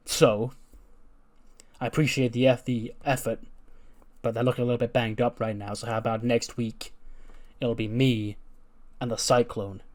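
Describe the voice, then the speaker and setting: A man's voice: medium pitch, lightly acted. A man voicing a confident male wrestler who gives an easygoing, earnest pep talk.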